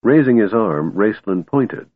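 Deep husky male audiobook narrator. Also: lively intonation, unhurried, no echo. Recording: tinny narrow-band recording.

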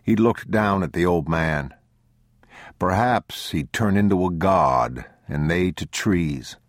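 Deep, slow male audiobook narrator. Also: lively intonation, no room sound, clean studio sound. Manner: measured, sombre and deliberate. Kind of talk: scripted literary narration.

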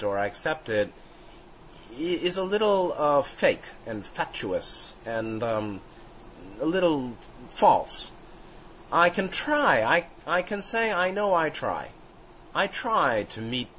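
A man teaching on spiritual ideas in an unscripted, searching way, stopping for fillers and restarting his sentences. His voice sits at a middling pitch. A faint hiss runs under the recording. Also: fairly bright tone, poor audio. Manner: musing, halting, with frequent fillers and restarts; chuckles now and then while explaining.

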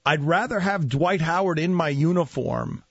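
A man hosting a casual sports radio talk show, joking and animated as he talks. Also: a little high, moderate pace, vocal fry, breathy edge, dry recording. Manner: joking, animated, does mock voices. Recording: dull dry studio radio sound.

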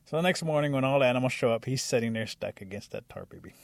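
A man telling a traditional animal story aloud, animated and acting out the animals as he goes. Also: medium pitch, fast, vocal fry, no room sound, studio quality. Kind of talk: oral storytelling.

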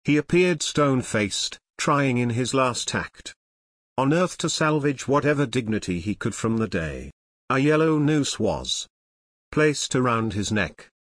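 A man reading nonfiction narration in a measured, serious way. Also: mid-range voice, big pitch swings, no room sound, clean studio sound. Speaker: audiobook narrator.

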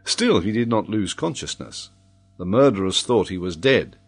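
A man narrating an adventure novel as an audiobook, reading in a measured, even way. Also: fairly low pitch, husky.

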